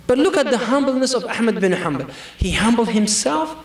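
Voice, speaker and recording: A man's voice: extremely high pitch, lively intonation, fairly quick. A man with as his giving a humorous sermon, acting out quoted dialogue. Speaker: preacher. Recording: echoey hall, from far off.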